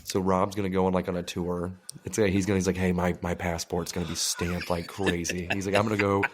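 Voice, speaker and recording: Guy w a lowish voice on a podcast, animated storytelling, does little voices for people. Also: quick pace, slight background noise. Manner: animated storytelling with acted-out quotes; crude joking. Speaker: podcast co-host. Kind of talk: casual chat.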